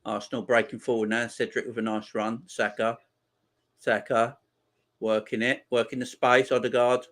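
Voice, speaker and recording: This watchalong host speaks in a level tone at a moderate pace while offering casual football commentary and responding to viewers' comments. He still gets loud when chances come on the pitch.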